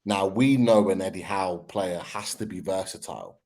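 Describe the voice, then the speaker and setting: Lowish-voiced man analysing football. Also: darkish tone. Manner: measured, explains point by point with fillers. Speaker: fan podcast panelist.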